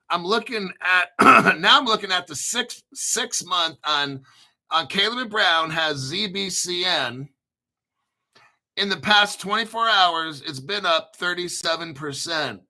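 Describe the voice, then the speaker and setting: A man hosting a casual crypto livestream, rambling excitedly with frequent laughs and restarts. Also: a little high, unhurried.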